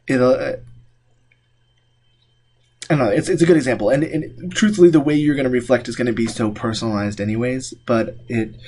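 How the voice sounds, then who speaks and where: A man's voice: mid-range voice, a little fast, pauses often, darkish tone, husky. A man giving a classroom lecture, talking loosely with many fillers and restarts. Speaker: instructor.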